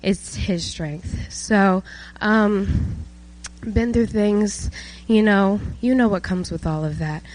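A woman's voice: medium pitch, takes it slowly, darkish tone, low-quality recording. Earnest nineteen-year-old woman giving testimony. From South Georgia, USA. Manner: earnest, emotional, many fillers. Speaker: testimony speaker at a church service. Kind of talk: personal testimony. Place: church.

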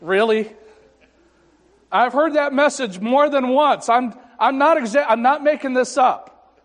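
Pastor, male, high and unhurried; wry, self-mocking sermon delivery with pauses, long church reverb. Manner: slow and deliberate, with dramatic pauses; wry, self-deprecating humor. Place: church sanctuary. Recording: echoey sanctuary reverb.

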